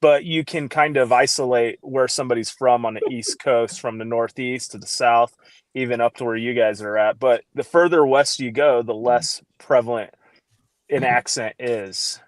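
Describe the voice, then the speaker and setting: A man's voice: medium pitch, steady tone, moderate pace, dry recording. Man, podcast guest, explanatory, dry teasing, very dry close recording. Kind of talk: casual chat.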